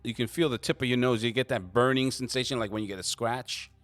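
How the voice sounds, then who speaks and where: A man narrating a tabletop game as game master, halting with frequent restarts. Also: medium pitch, fairly even intonation, fairly bright tone, no echo. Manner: halting, lots of restarts and fillers.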